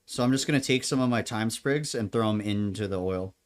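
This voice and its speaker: A man's voice: lowish voice, fairly quick. A man chatting casually while cooking in his home kitchen, rambling from topic to topic, joking and laughing often. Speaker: home cook.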